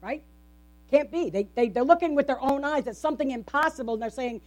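Preaching conversationally in a church, a woman pastor keeps asking the congregation rhetorical questions. She speaks fairly quickly in a high-pitched voice with lively intonation.

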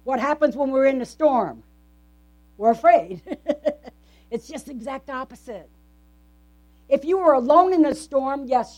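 A woman's voice: high-pitched, darkish tone. Woman preaching with rhetorical questions. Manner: conversational, asks the congregation frequent rhetorical questions. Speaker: pastor. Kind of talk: sermon. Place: church.

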